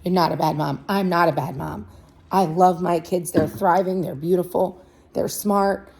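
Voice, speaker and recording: Young mom vlogger, woman, dark husky voice, emotional and pleading, repeats for emphasis. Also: lowish voice, fairly even intonation, moderate pace. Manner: earnest, pleading, repeats herself. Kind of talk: heartfelt direct-to-camera vlog.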